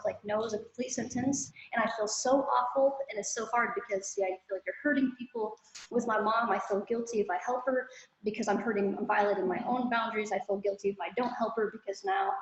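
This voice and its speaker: A woman's voice: medium pitch, highs cut off. Young woman sharing candidly, roomy echo. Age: 20s. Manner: rambling, emotional, self-deprecating. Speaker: support group member.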